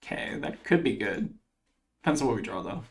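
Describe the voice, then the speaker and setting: A man's voice: medium pitch, very animated, brisk. A man commentating his own card game match, thinking aloud as he weighs each play, with plenty of fillers. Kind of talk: casual gameplay commentary.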